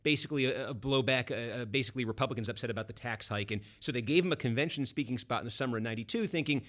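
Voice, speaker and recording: A Boston man, a book author appearing as a podcast guest, tells fast political stories in a medium-pitched voice at a very quick pace. His anecdotes are animated and crammed with detail.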